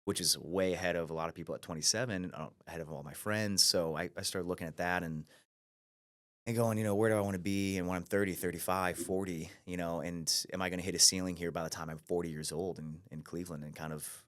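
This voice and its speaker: A man's voice: deep voice, fast. A man in his thirties from Ohio, the guest in a podcast interview, telling his career story with animation and frequent restarts. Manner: animated storyteller who acts out quoted voices, with frequent restarts. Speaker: guest, brokerage CEO.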